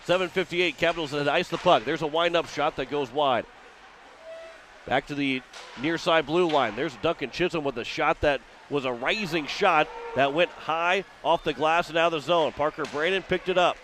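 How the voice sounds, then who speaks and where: Guy from missouri calling hockey on the radio, kinda high voice, fast running play-by-play, little bit of noise under it. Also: fairly bright tone. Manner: rapid running description, rising with the action. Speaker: play-by-play announcer.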